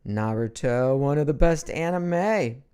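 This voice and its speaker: A man's voice: mid-range voice, a little slow, smooth. A middle-aged man hosting a casual live online show from a home studio, joking and slipping into mock outrage. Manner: animated, jokey, swings into mock outrage. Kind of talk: casual livestream chat.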